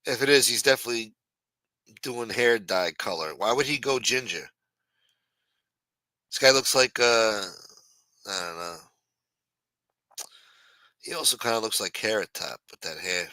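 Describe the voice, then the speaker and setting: A man's voice: on the low side, animated, a little slow, pauses often, pushed and bright, dry recording, rough recording. Brash, profane New man. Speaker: livestream host. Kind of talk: casual news commentary on a stream. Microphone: streaming mic.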